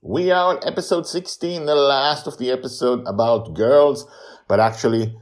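A man hosting and narrating his own fantasy story podcast in an animated, expressive storytelling style. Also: mid-range voice, moderate pace.

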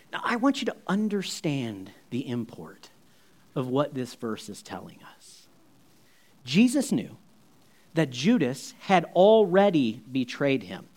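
A man preaching a sermon in a conversational, animated storytelling way, full of asides. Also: fairly high pitch. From United States. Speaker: pastor.

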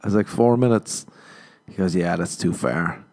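A man's voice: low voice, brisk, gravelly. Irish man rambling comic podcast monologue. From Ireland. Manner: rambling, self-mocking storytelling with acted-out dialogue. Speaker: podcast host. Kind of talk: comedic solo podcast monologue.

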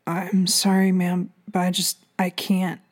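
A woman's voice: on the low side, flat delivery, measured pace, a little mellow. A woman voicing a stunned young male police officer who protests hesitantly. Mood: reluctant.

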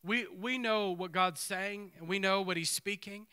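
Man, preacher, sermon, high voice, animated scripture reading. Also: unhurried, clean tone. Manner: animated, acts out the speakers in the text.

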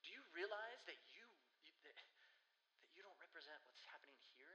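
A male pastor giving a sermon in an earnest, conversational way with slow pauses. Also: fairly high pitch, expressive, pushed and bright, a little hiss or hum. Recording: echoey hall with long reverb.

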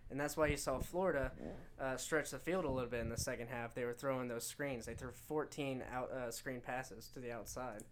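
A man's voice: mid-range voice, fairly even intonation, brisk, a little hiss or hum. A man co-hosting a casual sports podcast, rambling with many fillers and restarts as he breaks down college football games. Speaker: podcast co-host.

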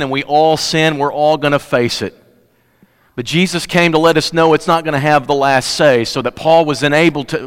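A male pastor preaching a sermon in a church, swinging between loud emphatic peaks and hushed, quiet lows. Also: smooth. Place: church sanctuary. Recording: long hall reverb.

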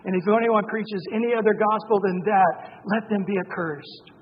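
A man's voice: high voice, normal speed, breathy edge. A man preaching a sermon in an emphatic, conversational way, with asides to the congregation. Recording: dull lo-fi sound with long reverb in a hall.

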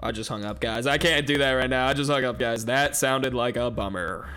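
A man's voice: mid-range voice, fairly quick, sharp tone, smooth. A young man co-hosting a podcast in playful, jokey casual chat.

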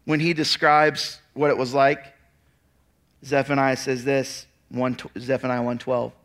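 Bright-voiced preaching man. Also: mid-range voice, a little slow. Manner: animated storytelling with casual asides; reads scripture aloud, then explains it. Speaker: pastor. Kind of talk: expository sermon.

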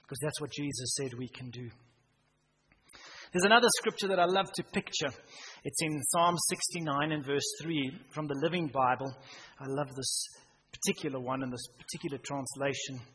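A man preaching a sermon in church, swinging from loud emphasis down to a hushed near-whisper. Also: a little high, moderate pace, breathy edge. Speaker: pastor. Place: church hall. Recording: reverberant church hall, faint noise.

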